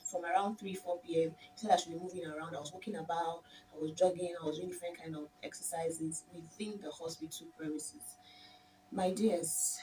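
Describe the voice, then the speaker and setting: Nigerian woman telling her story, far from mic. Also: lowish voice. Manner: emotional, animated, addresses viewers as "my dears". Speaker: vlogger. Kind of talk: personal storytelling. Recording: distant mic with faint background noise.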